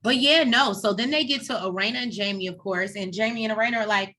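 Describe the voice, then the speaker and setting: A woman's voice: mid-range voice, quick pace, hardly any pauses. A woman co-hosting a casual TV recap, retelling scenes in a chatty way and acting out the people in them. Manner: chatty, animated retelling with quoted voices. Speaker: co-host of a TV recap show.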